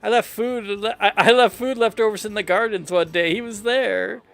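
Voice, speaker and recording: A man with a notably high speaking voice plays through a story game. He reads every character's lines aloud in his own playful manner, in a casual, off-the-cuff playthrough style. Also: fairly even intonation, normal speed, creaky, a bit bright. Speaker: gamer reading dialogue aloud.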